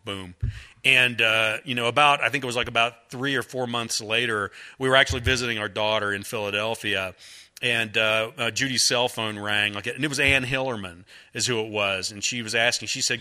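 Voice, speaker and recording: A middle-aged man spins a loose, self-deprecating yarn for a crowd, wandering through asides and tics. His voice is strikingly bright and forward at an ordinary pitch for a man. He talks with an easy folksy humor. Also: fast. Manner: rambling, folksy and self-mocking, with a habitual "like that". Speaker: author speaking to a bookstore audience. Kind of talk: casual storytelling to a live audience.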